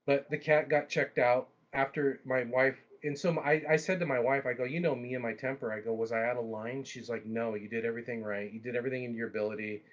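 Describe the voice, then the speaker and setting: A man hosting a livestream, telling a long story in a casual, animated way with frequent restarts and asides. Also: mid-range voice, fast talker, hardly any pauses, dull audio. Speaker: livestream host.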